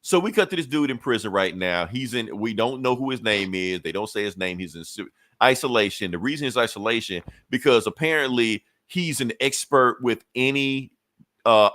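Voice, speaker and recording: Podcast co-host, male, relaxed storyteller, voices quotes, dry close sound. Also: mid-range voice, brisk, dry recording. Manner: loose storytelling, acts out quotes, laughs often. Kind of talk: casual comic recap.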